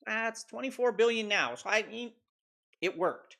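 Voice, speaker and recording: A man's voice: high voice, very animated, normal speed, vocal fry, bright, forceful tone. A man in his thirties hosting a casual stock market livestream, rambling loosely with swearing and laughs. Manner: profane, laughing, loose and offhand.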